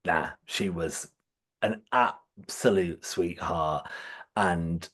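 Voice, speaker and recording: A man's voice: sits low, very slow, a bit bright. A man co-hosting a podcast, telling stories with enthusiasm and frequent laughter. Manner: enthusiastic storytelling, often laughing. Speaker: podcast co-host. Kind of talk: casual chat.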